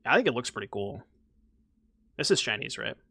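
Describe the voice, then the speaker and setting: Young male streamer, animated, bright voice, dry close mic, self-mocking banter. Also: mid-range voice, fairly quick, gravelly, slightly rough, no echo. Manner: chatty, self-mocking, talks to chat. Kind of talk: casual gameplay commentary.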